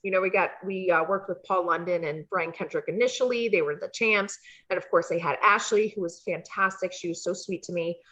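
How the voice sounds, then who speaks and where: A woman telling animated stories as an interview guest, slipping into high voices when she acts out what people said. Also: a little fast, low-quality recording. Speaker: interview guest, former wrestling valet. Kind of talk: casual storytelling interview.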